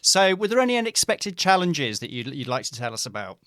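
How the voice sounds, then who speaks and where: A man's voice: fairly high pitch, sing-song, brisk, fairly bright tone, dry recording, studio quality. A man hosting an interview in a casual, teasing, jokey way. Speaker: interviewer, host.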